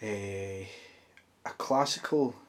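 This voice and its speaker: A man's voice: fairly low pitch, takes it slowly. A Scottish man, a musician guest, chatting in his home studio in a thoughtful, rambling way with many fillers. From Scotland. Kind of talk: casual interview chat.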